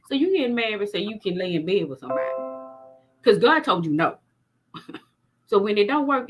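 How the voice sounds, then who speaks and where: A middle-aged woman host talking faith in a husky, breathy voice. She speaks frankly and plainly and preaches as she goes, at a middle pitch. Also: sing-song, moderate pace, a bit bright. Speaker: podcast host. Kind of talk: faith-based conversation.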